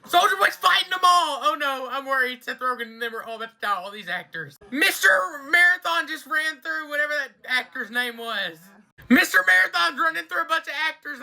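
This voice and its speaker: A speaker reacting to a TV episode in a casual running commentary, excitable and anxious, gasping and shouting at the big moments. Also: sits high, a little fast, gravelly. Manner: excitable, gasps and shouts at surprises, keeps saying she's worried. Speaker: TV reaction reviewer.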